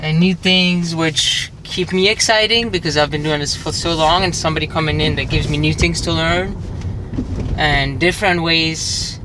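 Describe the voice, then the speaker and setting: Relaxed boxer talking over background noise. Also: medium pitch, moderate pace. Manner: relaxed, filler-heavy. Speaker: boxer in training. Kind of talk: casual interview answer. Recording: noisy background.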